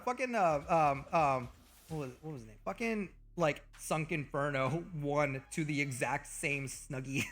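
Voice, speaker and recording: Excitable swearing young man streamer. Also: fairly high pitch. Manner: rambling, heavy swearing, excitable. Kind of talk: casual live-stream chat.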